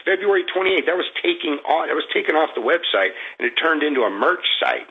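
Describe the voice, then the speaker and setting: A man calling in to a radio show, venting in a rambling, frustrated way, halting often with fillers. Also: fairly high pitch, very animated, gravelly, slightly rough, phone-quality sound. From Florida. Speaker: radio caller. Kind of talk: call-in venting.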